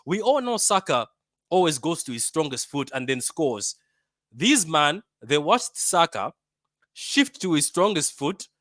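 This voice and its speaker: A man from Africa hosting a football fan channel, giving a casual match reaction with lively banter and lots of repetition. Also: on the high side, measured pace, dry recording, clean studio sound. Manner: animated, bantering, repeats himself.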